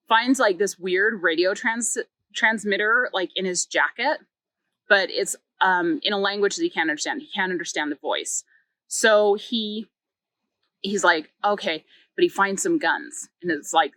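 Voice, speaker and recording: A woman's voice: on the low side, pushed and bright, dry recording, rough recording. A woman reviewing a book, retelling its plot in a chatty way with many filler words and small acted quotes. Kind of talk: casual story recap.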